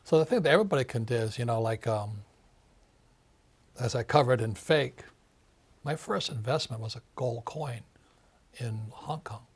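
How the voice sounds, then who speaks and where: Husky older man ranting emphatically. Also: mid-range voice, animated, moderate pace, pauses often. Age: 70s. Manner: emphatic, ranting, repeats words, mimics others. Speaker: author being interviewed. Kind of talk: animated interview talk.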